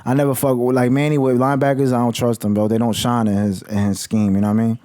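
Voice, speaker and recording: A man's voice: mid-range voice, flat delivery, fast talker, warm tone, dry recording. A man vlogging about college football in a heated, slangy rant full of swearing. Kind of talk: casual profane rant.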